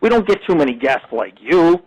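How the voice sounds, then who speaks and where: A man's voice: fairly high pitch, big pitch swings, brisk, husky, no echo, dull audio. Ranting profane radio host man. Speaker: internet radio show host. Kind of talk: crude rambling live talk show.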